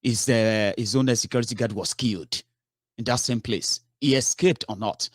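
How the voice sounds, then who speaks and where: A man's voice: fairly low pitch, normal speed, dry recording, clean studio sound. A man giving a heated political commentary, scolding his listeners with rhetorical questions and swearing.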